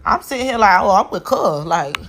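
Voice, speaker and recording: A woman's voice: mid-range voice, expressive, fairly quick, fairly bright tone, slight background noise. A woman casually telling a relationship story, blunt and profane, with an exasperated edge.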